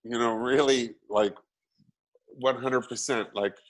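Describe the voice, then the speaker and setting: A man, an actor as a guest, chatting casually and telling animated, self-deprecating stories. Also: mid-range voice, slow pace. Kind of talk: casual chat.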